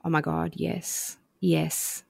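A woman's voice: low voice, level tone, takes it slowly, gravelly, darkish tone, breathy edge, no echo, studio quality. A woman co-hosting a podcast, chatting in an enthusiastic, gushing way and swearing freely. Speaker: podcast co-host. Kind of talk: casual chat.

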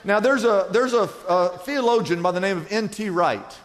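Male pastor, high-pitched, storytelling sermon style, reverberant church hall. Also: moderate pace, a little hiss or hum. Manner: storytelling, animated with humor.

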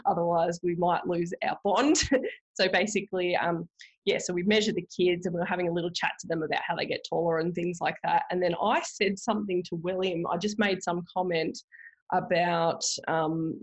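Chatty woman podcast host. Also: on the low side. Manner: chatty and rambling, with frequent um, self-corrections and light laughter. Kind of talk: casual storytelling monologue.

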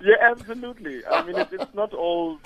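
A man's voice: very high-pitched, sing-song, fairly quick, vocal fry, pushed and bright, slight background noise. A man in his thirties, an actor interviewed over the phone, talking in a playful, teasing way. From South Africa. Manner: playful and teasing, often laughing. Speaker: actor guest. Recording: tinny phone line.

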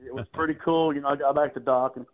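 Fast-talking man on a phone line. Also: medium pitch, steady tone. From Texas Gulf Coast. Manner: rambling, repeats words, chuckles through stories. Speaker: fishing guide and guest caller. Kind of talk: casual phone-in storytelling.

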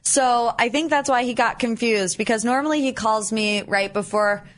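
A woman co-hosting a morning radio show, talking casually at a studio microphone. Her voice is a bit high, and she laughs easily as she chats. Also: normal speed. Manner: giggly, chatty.

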